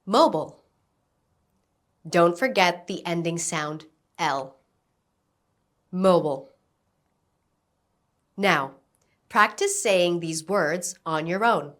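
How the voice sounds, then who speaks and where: A woman teaching an English lesson, giving slow, carefully enunciated instructions and modelling words for repetition. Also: lowish voice, fairly bright tone. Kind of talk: slow, clear classroom instruction.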